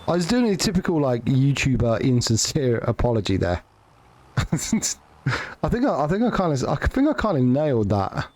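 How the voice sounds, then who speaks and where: A man's voice: medium pitch, very animated, moderate pace, a little mellow. Guy streaming a farm game, joking and swearing, voice bouncing all over. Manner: joking, sweary, rambling with restarts. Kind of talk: casual live-stream chat.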